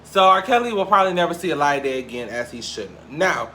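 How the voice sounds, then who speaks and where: A young man from Cleveland hosting a casual gossip show, talking in a lively, profane way with big swings between loud and quiet. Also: on the high side, a little fast, slight background noise. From Cleveland, Ohio. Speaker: podcast host. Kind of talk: casual celebrity gossip chat.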